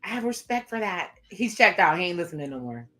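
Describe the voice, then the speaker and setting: A woman's voice: on the low side, sing-song, a little fast, bright, forceful tone, faint music behind. A woman hosting a casual reaction video, chatty and sassy, talking straight to her viewers. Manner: chatty, sassy asides to viewers, frequent laughs.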